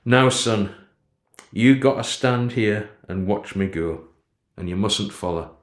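A man voicing a rough, plain-spoken working-class father, blunt but tender. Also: fairly low pitch, slow pace. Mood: gruff tender. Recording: roomy echo.

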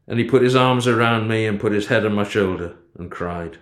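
A man narrating a story in the first person in a steady, low-key way. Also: fairly quick, hardly any pauses, reverberant. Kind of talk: storybook reading.

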